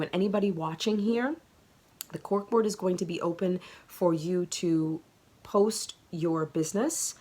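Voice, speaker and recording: A woman hosting a knitting video podcast, chatting casually and gushing to viewers with plenty of ums. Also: lowish voice. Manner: chatty, gushing, many fillers. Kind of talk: casual chat to camera.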